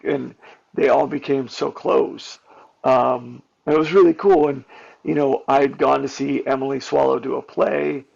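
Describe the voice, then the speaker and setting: A man, a stuntman and actor, telling candid behind-the-scenes stories in an interview, animated and full of fillers and restarts. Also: medium pitch, gravelly, breathy edge. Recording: dull lo-fi audio.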